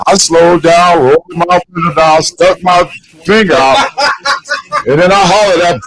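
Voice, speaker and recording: A man doing stand-up on a live stage, his voice sitting a bit high. He tells his story loudly and with plenty of swearing, and laughs at his own punchlines. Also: measured pace, very noisy. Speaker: stand-up comedian.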